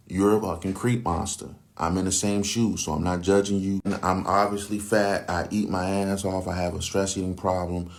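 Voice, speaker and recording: Deep gravelly man, blunt and profane. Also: flat delivery, moderate pace, few pauses, darkish tone, slight background noise. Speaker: commentator. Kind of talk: casual monologue.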